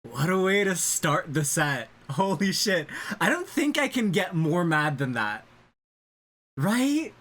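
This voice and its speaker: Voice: medium pitch, sing-song, a little slow, few pauses, a bit bright. An anime reaction host who talks through the episodes in live commentary, blurting out dramatic, exclamatory reactions and plenty of swearing.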